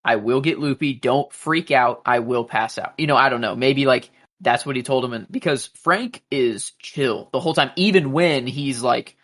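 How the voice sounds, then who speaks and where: A man's voice: mid-range voice, moderate pace, hardly any pauses, a bit bright. A man co-hosting a podcast, talking over a TV episode in a loose, rambling way with many fillers. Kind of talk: casual show recap chat.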